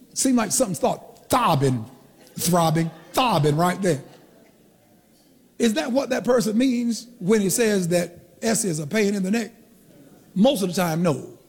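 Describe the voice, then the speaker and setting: High, gravelly preacher in an echoey hall. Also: male voice, a little mellow. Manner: teaching, asks the congregation questions, stretches key words. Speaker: pastor. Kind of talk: sermon.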